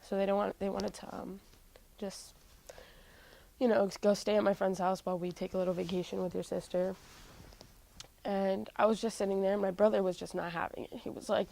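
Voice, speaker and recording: A woman's voice: medium pitch, level tone, fairly quick, vocal fry, pauses often, mellow, low-quality recording. A young woman musician telling a personal family story in an interview, candid and full of "like" fillers. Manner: heavy use of "like" fillers, candid.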